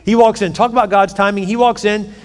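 A pastor in a big echoing hall, preaching and retelling an old story with a lot of life. His voice sits high for a man, and he jumps into the characters' lines as he goes. The reverb trails long behind him. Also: fairly even intonation, a little fast. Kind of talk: sermon.

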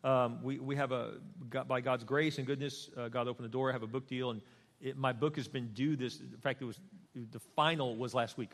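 A middle-aged man preaching as a pastor, animated and conversational, acting out little quotes. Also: medium pitch, fairly quick. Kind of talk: sermon. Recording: long hall reverb.

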